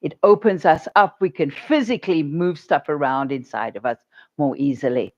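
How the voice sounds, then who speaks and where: A woman minister giving a sermon, telling stories in an animated way and laughing often. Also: low-pitched, moderate pace, muffled recording.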